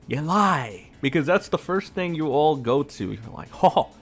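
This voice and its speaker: A man ranting in a heated, sarcastic commentary vlog, swearing freely. His pitch jumps around in a lively way. Faint music plays behind him. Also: moderate pace. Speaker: gaming commentator.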